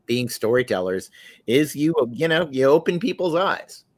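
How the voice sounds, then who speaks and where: Man in an animated podcast chat. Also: mid-range voice, moderate pace. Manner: animated, laughing, restarting phrases. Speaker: podcast guest or host, artist.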